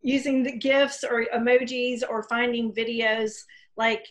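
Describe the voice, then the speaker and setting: A woman with a fairly high voice hosts a relaxed conversation over a video call. She is chatty and encouraging and laughs easily between questions. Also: measured pace. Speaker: host. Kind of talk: casual video-call interview.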